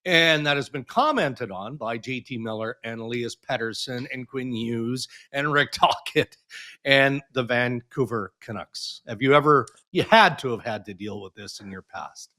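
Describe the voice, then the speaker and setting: A man's voice: medium pitch, a little slow, pushed and bright. A man hosting a casual sports podcast, reading ads and listener questions with a wry laugh. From Canada. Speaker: podcast host. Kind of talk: casual sports chat and ad reads.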